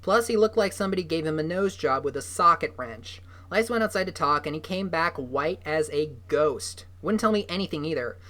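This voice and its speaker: A man's voice: fairly high pitch, lively intonation, brisk, few pauses, bright, forceful tone. A man putting on a cold, bitter tough woman. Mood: sarcastic. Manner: cold, sarcastic drawl. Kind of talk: hobby audiobook reading.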